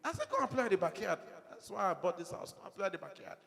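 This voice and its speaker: A man's voice: sits high, very fast, gravelly, big-room sound. Nigerian man telling stand-up stories. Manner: animated storytelling, acting out dialogue. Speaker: stand-up comedian. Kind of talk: stand-up comedy set.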